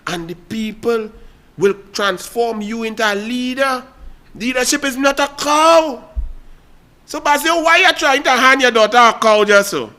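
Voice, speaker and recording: A man's voice: extremely high pitch, normal speed, sharp tone. A man with a Trinidadian accent hosting a political talk show, delivering a fiery, mocking commentary monologue straight to his listeners.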